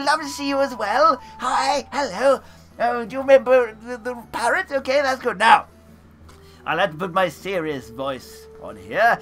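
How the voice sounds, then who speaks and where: A woman in costume, hosting a live role-play adventure and chatting playfully with viewers, swinging from hushed asides to booming announcements. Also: normal speed, soft background music. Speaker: costumed storyteller and game master. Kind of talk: live role-play storytelling to a streaming audience.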